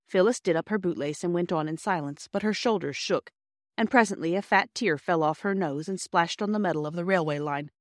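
A woman narrating a classic children's storybook in a measured, clear reading. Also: on the low side, no echo, studio quality. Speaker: audiobook narrator.

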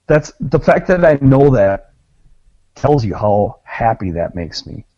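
A man's voice: mid-range voice, very animated, slow pace, dark tone, no room sound, muffled recording. Gleeful, profane man. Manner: gleeful, profane mock-gloating. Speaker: podcast co-host. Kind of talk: casual chat.

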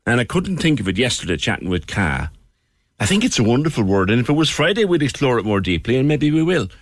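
A man's voice: mid-range voice, sing-song, quick pace, no room sound. Cork-accented man as a phone-in radio host, bouncy intonation, dry studio sound. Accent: Irish, Cork. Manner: chatty, playful storyteller. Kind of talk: casual radio chat.

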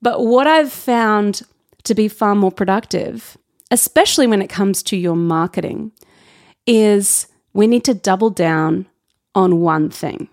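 A woman hosting her own business podcast. She talks casually and candidly, with quick asides and self-corrections. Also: mid-range voice, a little mellow. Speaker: podcast host. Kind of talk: casual solo podcast talk.

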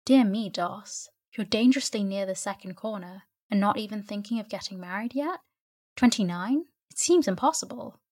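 A woman's voice: medium pitch, fairly even intonation, measured pace, hardly any pauses, a bit bright, natural voice. A woman voicing a smug older male shopkeeper who teases with riddles, in a storybook reading. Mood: teasing. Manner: leering, chuckling riddles.

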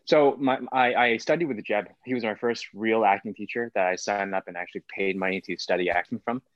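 A man's voice: fairly low pitch, fairly quick, no echo. A man, an actor, talking casually in an interview, rambling with many fillers. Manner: rambling, full of fillers like "like" and "whatnot". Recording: dull, lo-fi sound.

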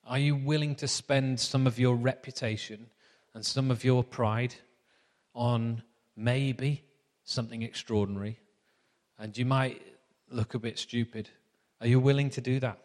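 A man's voice: mid-range voice, fairly even intonation, measured pace, a little mellow, in a large hall. A man preaching a sermon in a chatty, anecdotal storytelling manner.

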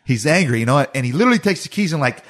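A man's voice: fairly high pitch, expressive, very fast, fairly bright tone. A man in casual group chat, telling a story animatedly and acting out the quotes and sounds.

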